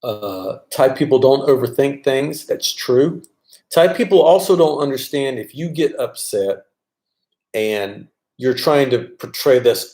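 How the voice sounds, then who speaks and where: A man's voice: mid-range voice, expressive, unhurried, a little mellow. A man casually chatting on a live stream, reading viewer comments aloud and answering them. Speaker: vlogger answering live chat.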